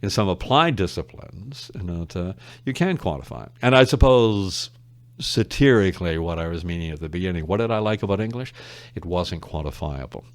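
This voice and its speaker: A man's voice: sits low, expressive, brisk, no room sound. A man, an English literature professor speaking as a guest on a casual podcast interview, thoughtful and wry, wandering into side stories. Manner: thoughtful, wry, digressive explainer.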